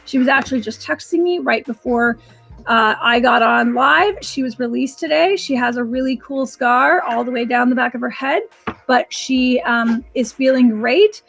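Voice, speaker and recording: Speaking at a moderate pace, this psychic and animal communicator hosts a live reading stream in a chatty, meandering style, frequently starting sentences over. Her voice is on the high side, gravelly and a bit bright, and soft music plays behind her.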